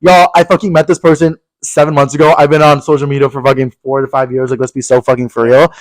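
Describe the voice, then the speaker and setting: A young man co-hosting a podcast, telling a story in casual chat, animated and swearing a lot as he acts out angry quotes. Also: medium pitch, quick pace, no room sound, poor audio. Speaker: podcast co-host.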